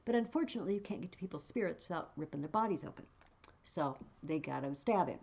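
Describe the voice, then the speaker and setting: A woman's voice: lowish voice, lively intonation, quick pace, creaky, darkish tone, dull audio. A woman teaching a play, reading passages aloud with feeling and then explaining them in a casual way.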